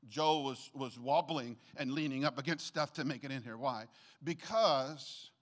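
An older man preaching a sermon to a church congregation in a conversational, animated way, often checking in with his listeners. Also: medium pitch, measured pace. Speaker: pastor.

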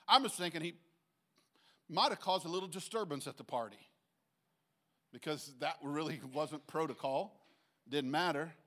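A man preaching a sermon in a conversational way, reading scripture slowly and checking in with his listeners. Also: fairly high pitch. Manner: bursts into loud acted shouts when quoting. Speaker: pastor. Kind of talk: sermon teaching.

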